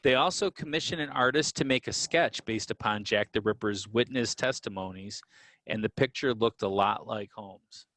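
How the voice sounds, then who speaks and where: A man co-hosting a podcast, explaining history in a relaxed, conversational way. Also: on the low side, moderate pace, dry recording. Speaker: podcast co-host. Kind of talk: casual conversational storytelling.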